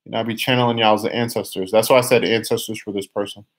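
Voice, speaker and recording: A man's voice: lowish voice, fairly even intonation. Chatty male tarot reader on a live stream. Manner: chatty, reads viewer comments aloud and teases back; many restarts and drawn-out phrases, sometimes sings a line.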